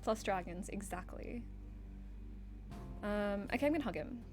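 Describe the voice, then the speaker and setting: A woman's voice: medium pitch, animated, normal speed, music in the background. A woman streaming a game, chatting casually and giggling, with many "like"s and "um"s. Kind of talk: casual game livestream chat.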